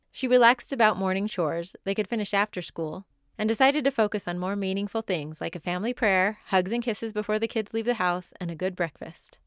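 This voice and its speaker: Woman in her thirties, podcast host, smooth clear tone, close dry mic, scripted storytelling with asides. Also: medium pitch, a bit bright, dry recording. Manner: reads stories from other mothers with personal asides. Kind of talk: scripted narration.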